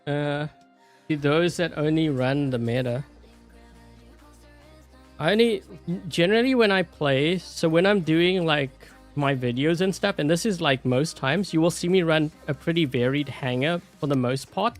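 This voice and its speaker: A gameplay YouTuber with a South African accent offers rambling, casual commentary, laughing often and leaning on fillers. His voice is on the high side and a little slow, with faint music behind it.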